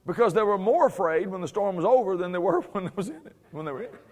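A man with a high voice teaches scripture in a relaxed, conversational way. He chuckles often and uses playful sarcasm, then drives each point home with firm emphasis. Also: fast. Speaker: preacher.

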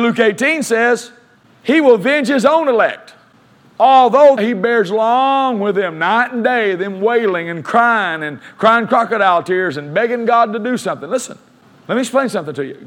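A man preaching a sermon as pastor, reading scripture aloud and slowing down to stress key phrases, leading his congregation in call-and-response. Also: high voice, expressive, fairly bright tone.

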